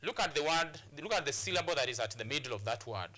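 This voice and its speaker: A man's voice: mid-range voice, expressive, fast talker, sharp tone. A man from Kenya teaching an English lesson, explaining step by step and often repeating and restarting words. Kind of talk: classroom lesson on a television channel.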